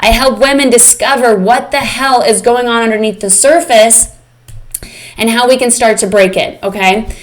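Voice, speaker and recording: A fitness and mindset coach leads a live online session, talking candidly and emotionally straight to "you guys." Her voice is a little high and her pace normal.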